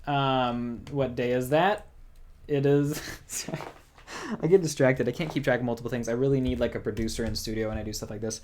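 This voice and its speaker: A young man hosts a casual livestream, talking in a loose, rambling way with a voice of ordinary middle pitch. He keeps the chat going and reads out viewers' comments as he goes. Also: steady tone, fairly quick, darkish tone, a little hiss or hum. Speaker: music channel host.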